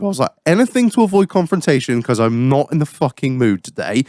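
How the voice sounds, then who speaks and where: A man's voice: medium pitch, a little fast, hardly any pauses, no echo, clean studio sound. Sweary man telling a story. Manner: profane, animated storytelling. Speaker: podcast host. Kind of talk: casual chat, storytelling.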